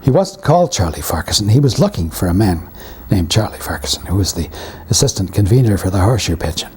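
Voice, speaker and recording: A husky, raspy-voiced man. His tone is mellow and warm as he tells wry career anecdotes in an interview. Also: lowish voice, sing-song, fast. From Canada. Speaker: veteran actor and writer being interviewed. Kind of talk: reminiscing interview.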